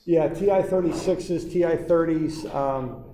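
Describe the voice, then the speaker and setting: A man teaching an engineering class, explaining patiently and repeating points in a relaxed, reassuring way. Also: fairly high pitch, a little slow. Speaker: engineering instructor. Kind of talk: classroom lecture. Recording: echoey classroom with faint noise.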